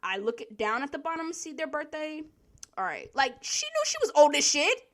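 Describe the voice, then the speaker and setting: Animated, laughing young woman ranting. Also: high-pitched, brisk. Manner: animated, profane, laughs often. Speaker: vlogger. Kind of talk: casual storytelling rant. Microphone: solo recording.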